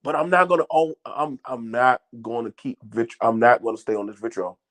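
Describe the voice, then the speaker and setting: A middle-aged man hosting his own channel gives unscripted commentary straight to viewers, blunt and swearing, repeating words and restarting lines. His medium-pitched, slightly bright voice has lively intonation and a fairly quick pace.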